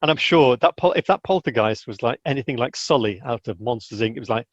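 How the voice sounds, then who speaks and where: Man telling lively anecdotes, dull lo-fi sound. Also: mid-range voice, fast talker, few pauses, no echo. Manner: animated, acts out quotes, many restarts. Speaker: interview guest. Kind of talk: casual storytelling. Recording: dull lo-fi dry recording.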